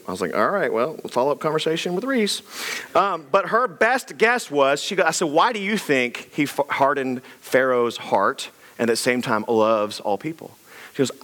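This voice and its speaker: A middle-aged man, a pastor giving a conversational sermon full of rapid rhetorical questions. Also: fairly high pitch, a bit bright.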